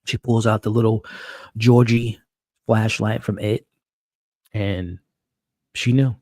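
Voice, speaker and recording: A man hosting a live-stream recap of a TV episode, talking excitably and stumbling over repeated words as he restarts his sentences. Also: on the low side, slow, no echo. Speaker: show host. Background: dog.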